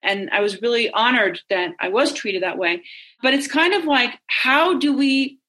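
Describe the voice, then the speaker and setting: A woman's voice: a little high, animated, normal speed, fairly bright tone. A woman in a casual discussion, reflecting thoughtfully and raising open questions.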